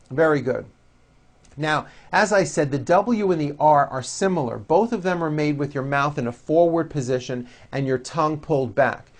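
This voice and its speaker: A man teaching English pronunciation, modelling drill words with slow, carefully over-articulated speech and explaining the sounds between them. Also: on the high side.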